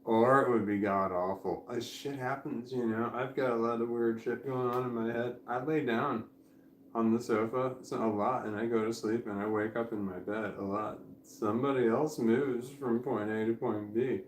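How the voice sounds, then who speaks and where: A man's voice: medium pitch, fairly even intonation, moderate pace, reverberant, slight background noise. A man rambling candidly on a live stream at home, drowsy and foggy, swearing often and laughing between thoughts. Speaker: vlogger. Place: indoors at home.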